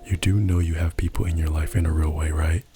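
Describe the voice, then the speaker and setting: Whispered role-play: a man playing a courteous café companion, deep voice, faint music behind. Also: little pitch movement, quick pace. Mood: gentle.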